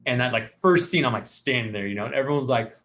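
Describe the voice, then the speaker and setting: A man hosting a casual podcast, telling a long story with lots of life and acting out the other people's lines himself. His pitch sits in a middle range and moves around. He talks the way you would with a friend. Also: fast. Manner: animated storyteller acting out quotes. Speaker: podcast host.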